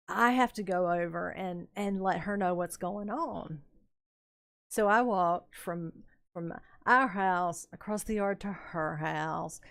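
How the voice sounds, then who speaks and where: An older woman streaming a building game, telling rambling, unhurried stories about her youth with plenty of fillers and chuckles. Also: lowish voice, a bit bright. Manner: rambling, unhurried anecdotes with frequent fillers and laughs. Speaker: gaming streamer. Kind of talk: casual storytelling while building in a game.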